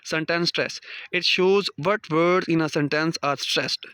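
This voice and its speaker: A man's voice: fairly high pitch, fairly even intonation, measured pace, pushed and bright, clean tone, dry recording. A man teaching a lesson, reading out definitions and numbered points like a prepared lecture. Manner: reads out numbered points, non-native phrasing. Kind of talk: read-aloud lecture.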